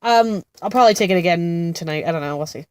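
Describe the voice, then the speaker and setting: A congested, sick-sounding woman in her thirties chats in a rambling, laughing way, voice pitched on the low side. The sound is dry and close, with no room around it. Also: lively intonation, fast, a little mellow, clear, resonant tone, no echo. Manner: rambling, laughing, many fillers. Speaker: vlogger, mother of two. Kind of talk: casual chat. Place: sitting in a car-like space outside a therapy center.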